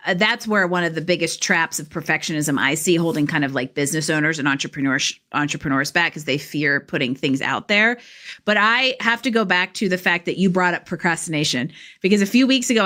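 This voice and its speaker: Bright-voiced woman podcast host. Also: lowish voice. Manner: affirming, chimes in with short agreements. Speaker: podcast host and career coach. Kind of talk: conversational interview.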